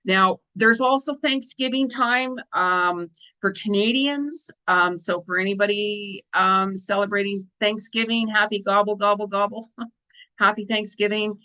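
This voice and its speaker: A woman's voice: mid-range voice, measured pace, sharp tone, smooth, poor audio. Chatty woman hosting astrology talk. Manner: chatty, repeats phrases, frequent "you know" and "right?". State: tired from lack of sleep. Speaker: astrology and tarot host. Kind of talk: casual spiritual monologue.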